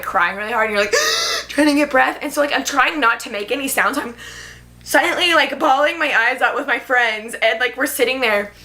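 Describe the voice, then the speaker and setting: A woman's voice: on the high side, pushed and bright. A young woman vlogger chatting casually about a movie she loved, gushing and filling her talk with "like". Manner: gushing, filler-heavy, many "like"s. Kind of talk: casual movie review chat.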